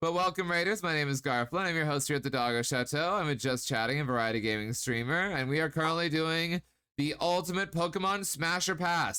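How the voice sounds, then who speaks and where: A man's voice: fairly high pitch, sharp tone, clean tone. A man hosting a live stream, chatting casually with viewers in a playful, teasing way with frequent laughs. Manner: playful, giggly, teasing, drawn-out baby talk at times. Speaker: streamer host.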